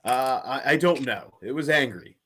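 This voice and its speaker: A man co-hosting a casual sports podcast. His voice sits at a middle pitch and swings a lot as he recaps scores and games with an announcer's lilt. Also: animated, normal speed, a bit bright. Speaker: podcast co-host.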